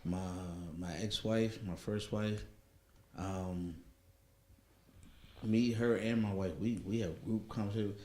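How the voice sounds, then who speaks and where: A man's voice: lowish voice, steady tone, takes it slowly, pauses often, warm tone. A middle-aged man in casual chat, telling his story in a reflective way and often asking "you know what I mean.". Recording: echoey room, faint background noise.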